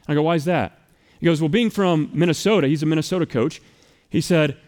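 A man in his thirties from the United States, preaching a sermon as pastor, storytelling with playful, animated asides. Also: a little high, brisk.

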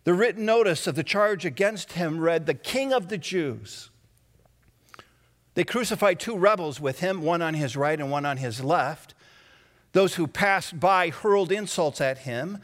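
A man preaching a sermon, swinging between a hushed voice and raised, dramatic outbursts. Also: fairly high pitch, animated, a little slow. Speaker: pastor.

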